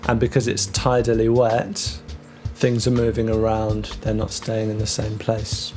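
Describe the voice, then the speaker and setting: A man teaching English vocabulary, talking through words with many ums and restarts and slowing down on the key terms. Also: on the low side, monotone, over music. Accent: British English. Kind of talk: explaining vocabulary to learners.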